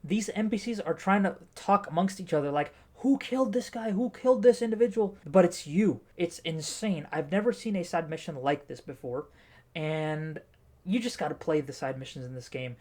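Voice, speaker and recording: A man giving a casual game review while playing, jokey and animated, barking orders at an imaginary cameraman. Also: fairly high pitch, normal speed. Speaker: gaming YouTuber reviewing a game. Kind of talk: casual game review with live gameplay commentary.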